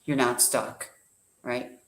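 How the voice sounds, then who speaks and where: A man's voice: mid-range voice, steady tone, takes it slowly, a bit bright. A man giving an emphatic motivational talk, full of rhetorical questions and a told parable. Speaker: guest speaker. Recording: echoey room.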